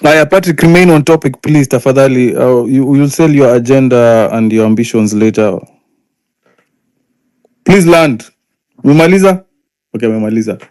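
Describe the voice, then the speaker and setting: A man co-moderating a live online discussion, briskly telling a speaker to stay on topic and wrap up, with Swahili phrases. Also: mid-range voice, darkish tone, no echo.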